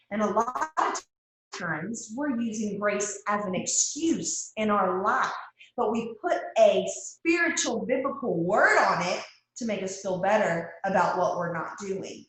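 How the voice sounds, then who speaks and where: A woman's voice: medium pitch, animated, measured pace, fairly bright tone. A woman with a Texan accent, guest-hosting a motivational team talk in a chatty way, repeating phrases for emphasis. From Texas. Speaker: guest host. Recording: very echoey room.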